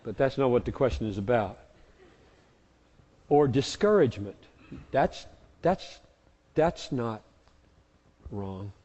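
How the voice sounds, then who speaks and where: A man's voice: medium pitch, animated, slow, long pauses, dark tone, long reverb tail, muffled recording. A man answering audience questions as a pastor, speaking emphatically and repeating key words for force. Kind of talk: live Q&A teaching.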